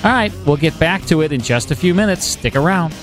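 A man's voice: fairly high pitch, lively intonation, a little fast, over music. A man hosting a show, chatting casually between clips with easy fillers. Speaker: host. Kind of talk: casual commentary.

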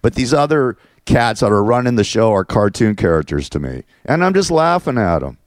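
A man's voice: fairly low pitch, very animated, a little fast, no echo, clean studio sound. A man hosting his own show, ranting in a crude, sarcastic and mocking way. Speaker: show host. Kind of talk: ranting monologue.

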